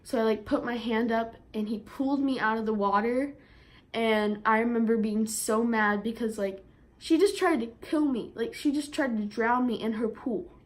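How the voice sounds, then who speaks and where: A young woman vlogger telling a story in a chatty way, with lots of fillers, and getting animated when she quotes herself. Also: on the high side, normal speed. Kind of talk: storytime vlog.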